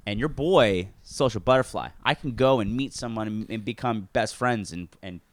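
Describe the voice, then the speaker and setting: Casual podcast storyteller, man, lower voice, dry close sound, acts out quotes with plenty of swearing. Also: moderate pace, no echo. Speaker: podcast co-host.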